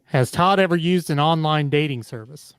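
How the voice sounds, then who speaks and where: A man's voice: fairly high pitch, normal speed, clear, resonant tone, dry recording. A man hosting a podcast quiz game, easygoing, reading out questions and laughing along.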